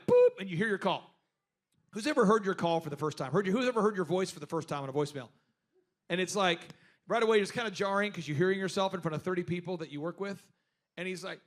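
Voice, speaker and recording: A man's voice: high voice, lively intonation, quick pace. A man in his forties hosting a business workshop, telling stories to a live group and acting out other people's lines with animation.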